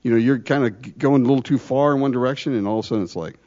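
A man preaches in an animated, conversational way, tossing rhetorical questions to his listeners. His voice sits at an ordinary middle pitch. The recording sounds dull and lo-fi. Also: rapid-fire. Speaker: pastor. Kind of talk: sermon.

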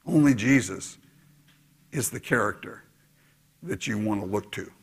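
A man preaching a sermon, dropping to quiet asides and rising to loud exhortation. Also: lowish voice, measured pace, gravelly, slightly rough. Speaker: pastor.

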